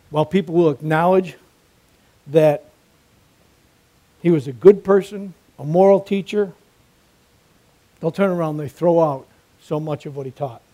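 Mellow-voiced man preaching. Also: fairly high pitch. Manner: emphatic, repetitive, storytelling. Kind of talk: sermon.

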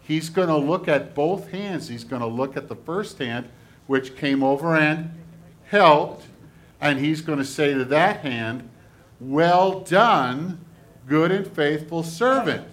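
A man, a pastor, giving a children's sermon in a church, speaking in a gentle, animated way to kids. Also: on the high side, a little slow. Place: church sanctuary.

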